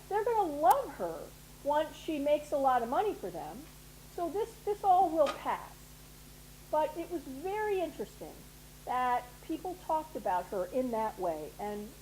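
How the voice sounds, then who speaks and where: A woman's voice: sits high, mellow, slight background noise, poor audio. A middle-aged woman giving a motivational talk to an audience, persuasive and often checking in with "right?". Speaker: guest speaker at a women's leadership program.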